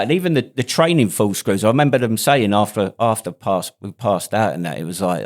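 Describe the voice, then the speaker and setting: A man in his forties, talking loosely as a podcast host. His voice sits at an ordinary pitch, and he spins his army stories in chatty banter with the odd curse. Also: animated, normal speed. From United Kingdom. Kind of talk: casual chat.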